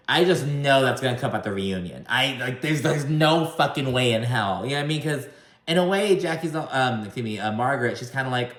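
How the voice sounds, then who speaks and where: A man talks straight to camera in a loose, gossipy recap, peppering every thought with swearing. His voice sits at an ordinary middle pitch. The room around him has a noticeable echo. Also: fairly bright tone. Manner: chatty, profane, gossipy. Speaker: reality TV recap host. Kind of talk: casual video recap commentary.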